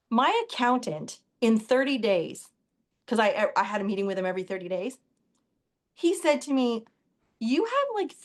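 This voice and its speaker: A woman guest on an interview show, telling stories in a chatty, animated way. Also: mid-range voice. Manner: animated, chatty, quotes others in dialogue. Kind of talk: casual interview storytelling.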